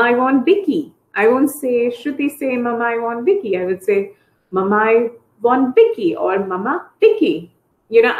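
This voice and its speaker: A woman therapist explaining language techniques to parents in a training session, breaking into high sing-song voices to model how to talk to children. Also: roomy sound, low-quality recording. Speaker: early intervention therapist. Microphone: video call.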